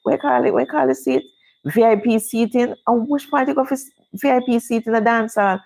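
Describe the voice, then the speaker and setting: A woman's voice: on the high side, expressive, a little fast, creaky, a little mellow, low-quality recording. A middle-aged Jamaican woman with a Jamaican accent, chatting casually to viewers on her own livestream. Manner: chatty, speaks Jamaican English. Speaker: livestream host.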